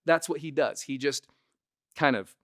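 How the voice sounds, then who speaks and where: A man's voice: a little high, unhurried, no room sound, studio quality. A man who is a comedian and impressionist, giving a casual tutorial and often tagging his points with "right?". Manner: chatty, keeps adding "right?" to check in.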